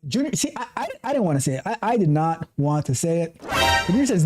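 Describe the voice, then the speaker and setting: A man's voice: on the high side, sing-song, quick pace, faint music behind. A middle-aged man hosting a casual tech livestream, talking passionately in a ranting way with many restarts. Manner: passionate, ranting, self-interrupting. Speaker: tech coach and livestream host.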